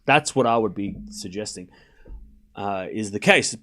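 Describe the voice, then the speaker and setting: A man's voice: lowish voice, lively intonation, a little slow, a bit bright. A young Australian man giving casual, self-deprecating live tennis commentary to his stream chat.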